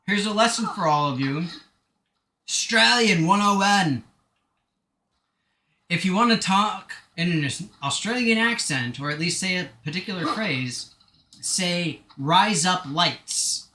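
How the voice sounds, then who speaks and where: Man rambling gamer with a bright voice. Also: high voice, animated, a little slow, roomy sound. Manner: rambling, self-deprecating, joking asides. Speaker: gaming streamer. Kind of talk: casual live-stream chatter while playing.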